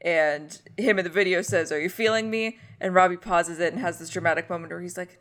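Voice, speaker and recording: A woman's voice: lowish voice, fairly even intonation, a little fast, hardly any pauses, a bit bright. A woman co-hosting a podcast, chattily recapping a TV episode, laughing often and peppering her talk with fillers. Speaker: podcast co-host. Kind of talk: casual TV episode recap chat.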